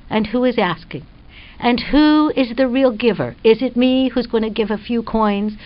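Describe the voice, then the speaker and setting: An older woman speaks as a guest on a talk radio show. She tells a personal story in an earnest, reflective way. The sound is dull and lo-fi. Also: fairly high pitch. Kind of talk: spiritual conversation on radio.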